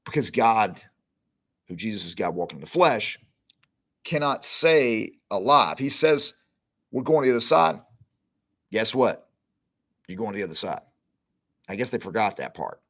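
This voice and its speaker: A man's voice: on the low side, very animated, moderate pace, long pauses, a bit bright. A middle-aged man hosting a podcast, giving a conversational Bible teaching that retells scenes with informal quoted lines. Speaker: podcast host teaching scripture.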